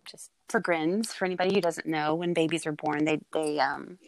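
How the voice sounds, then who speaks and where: Tender, halting mother with a lowish voice. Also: steady tone, low-quality recording. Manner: tender, halting, with many fillers and laughs. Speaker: mother telling her daughter's birth story. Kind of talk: casual heartfelt conversation.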